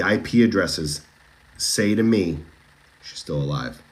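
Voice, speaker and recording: A man's voice: low-pitched, lively intonation, slow, pauses often. A man with a Boston accent hosting a casual true crime livestream, chatting with viewers, answering their comments and asking them questions. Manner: chatty, with frequent restarts and direct questions to viewers. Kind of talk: casual live-stream chat reading viewer comments.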